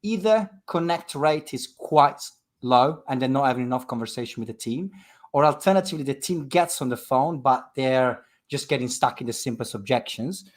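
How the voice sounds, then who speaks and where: A man on a headset making sales calls and joking with a co-host, quick and self-mocking. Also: mid-range voice, expressive. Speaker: sales trainer cold calling on a stream. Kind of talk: casual banter and sales calls.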